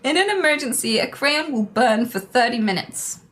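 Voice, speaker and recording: A woman's voice: on the high side, lively intonation, moderate pace, a bit bright. A woman streamer reading memes aloud and reacting, laughing often and swearing freely.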